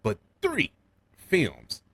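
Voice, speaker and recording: Animated New Orleans man reviewing films. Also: fairly high pitch, extremely slow, breathy edge, no echo. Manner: animated, repeats words when restarting, chuckles often. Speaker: podcast movie reviewer. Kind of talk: casual film review.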